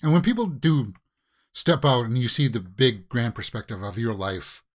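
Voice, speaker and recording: Animated man ranting over a show. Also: medium pitch, normal speed. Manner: animated, exasperated rants with repeated questions. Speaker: reaction video host. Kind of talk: casual watch-along commentary.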